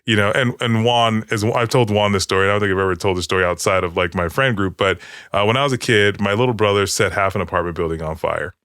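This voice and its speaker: A man's voice: lowish voice, fast, fairly bright tone, no room sound, clean studio sound. A man co-hosting a podcast, telling a story in a casual, rambling way with frequent restarts and swearing. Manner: rambling, with many restarts and profanity. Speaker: podcast co-host. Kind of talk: casual chat.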